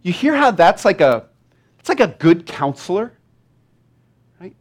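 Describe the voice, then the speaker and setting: Guy pastor preaching, chatty sermon, kinda high voice that jumps all over. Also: measured pace. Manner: conversational, animated, acts out little dialogues.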